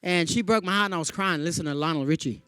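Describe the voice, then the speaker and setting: Racing through his stories, an Australian comedian with a fairly high voice gives a stand-up keynote to a live audience at a conference. He's chatty and jumpy, doing playful voices for quoted people and adding frequent "yeah?" and "you know" tags. His tone is clear and resonant, and the sound is dry and close with no room sound.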